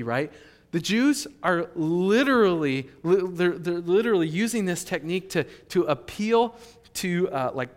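A male pastor preaching a sermon in an animated, emphatic way. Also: on the high side. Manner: animated, emphatic, with fillers and restarts. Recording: long hall reverb.

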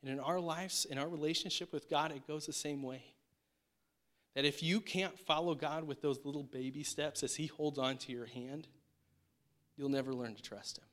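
A man's voice: fairly high pitch, fairly even intonation, moderate pace, fairly bright tone. A man preaching a sermon in a conversational, emphatic way, often checking in with the congregation. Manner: conversational, emphatic, frequent rhetorical "right?". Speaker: pastor.

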